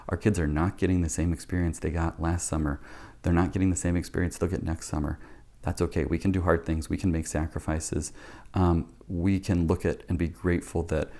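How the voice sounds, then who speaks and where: Deep, mellow-voiced pediatrician talking to parents. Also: male voice. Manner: earnest, conversational, acts out what parents can say to kids. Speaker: pediatrician giving parenting advice. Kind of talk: live-streamed talk to parents.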